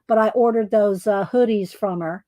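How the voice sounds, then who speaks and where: A woman's voice: medium pitch, moderate pace, mellow, dry recording. A woman hosting a casual livestream, chatting in a rambling way and thinking aloud as she shows her work. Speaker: livestream host showing her art.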